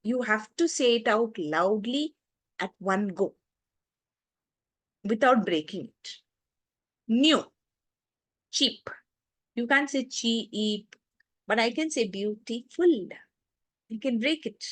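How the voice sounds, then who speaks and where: A woman's voice: fairly high pitch, lively intonation, slow pace, pauses often, no room sound. A woman teaching an online lesson to children, explaining rules step by step and repeating word forms aloud. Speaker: English teacher.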